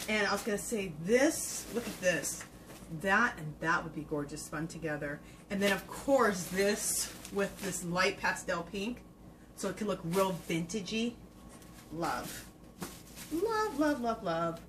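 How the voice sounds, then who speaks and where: A woman of ordinary pitch hosts a casual craft podcast, gushing over her materials and talking straight to her viewers. She fills her talk with ums and excited exclamations, and a faint hiss sits under her voice. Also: unhurried. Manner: gushing, enthusiastic, full of filler words. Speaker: fiber-craft podcast host. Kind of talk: casual show-and-tell chat to viewers.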